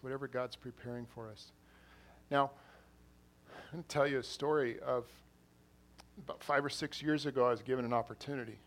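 A man's voice: medium pitch, fairly even intonation, a little fast, long pauses. A man who is an assistant pastor, preaching an earnest sermon in a church, repeating phrases and rising to emphatic bursts. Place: church hall.

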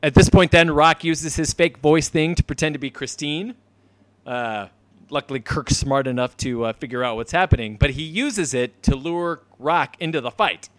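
A man's voice: a little high, no echo. Dry-sounding man recapping with laughs. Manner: laughing often, acting out lines in quick voices. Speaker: podcast co-host. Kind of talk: casual chat recapping an episode.

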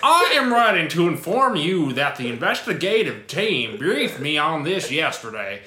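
A man's voice: a little high, bright, forceful tone, voice pushed up, heavily acted. A man voicing a pompous official in a weird, Southern-tinged English accent, reading a letter aloud in an echoey room.

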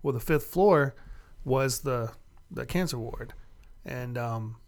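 A man co-hosting a casual gaming podcast, joking around and turning quiet when he tells a story. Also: takes it slowly. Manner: jokey, then quiet and low when telling a story. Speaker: podcast co-host. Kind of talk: casual chat.

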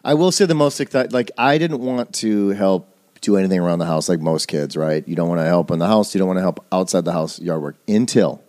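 A man with a fairly low voice hosts a podcast in casual chat, recorded dry and close. He rambles through his stories, often cutting himself off to restart. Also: brisk, a little mellow, no room sound. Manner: rambling, self-interrupting storyteller. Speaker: podcast host.

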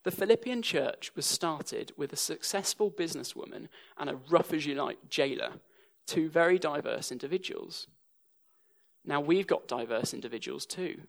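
A man's voice: on the high side, lively intonation, moderate pace, gravelly. A young English man preaching a sermon, telling stories with a dry sense of humour. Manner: dry humour woven into storytelling.

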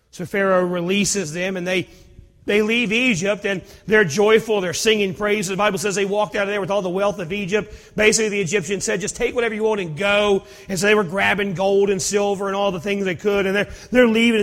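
A man preaching a sermon, telling Bible stories in an animated way, acting out dialogue and repeating himself. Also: high voice, long reverb tail. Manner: animated storytelling with acted dialogue and repetitions.

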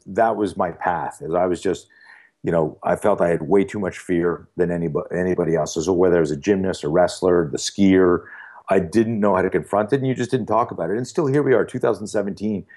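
A man in his sixties, a fear-management speaker, telling stories in a casual podcast conversation, acting out dialogue with frequent restarts. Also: low voice. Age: 60s. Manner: animated storyteller who acts out dialogue with frequent restarts.

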